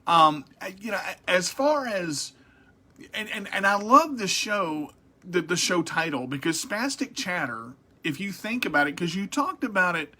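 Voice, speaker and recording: A man's voice: on the high side, sharp tone. A man hosting a casual radio interview, rambling with frequent restarts and repeated words. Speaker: radio show host.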